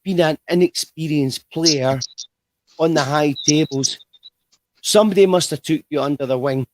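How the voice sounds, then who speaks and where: A man's voice: on the high side, moderate pace, no echo. A man hosting a livestream interview, chatty and rambling, with frequent restarts. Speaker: host.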